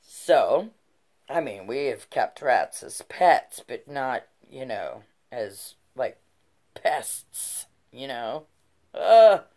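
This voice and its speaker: Low, slow-talking woman telling a story. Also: expressive, darkish tone. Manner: profane, heated, conversational. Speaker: channel host telling a personal story. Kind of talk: casual storytelling vlog.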